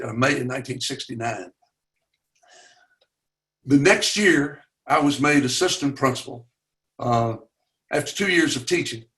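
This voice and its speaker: Older Southern man, earnest storyteller, halting with fillers, voice rising at key moments, mid-pitched, video call. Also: fairly bright tone. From Chattanooga, Tennessee. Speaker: webinar guest speaker. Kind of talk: personal storytelling.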